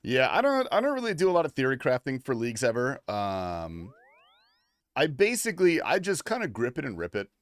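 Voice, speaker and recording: Speaking briskly with wildly swooping pitch around a medium register, a young U.S. gamer hangs out on his livestream, reading chat, swearing, and laughing. The recording has no room sound.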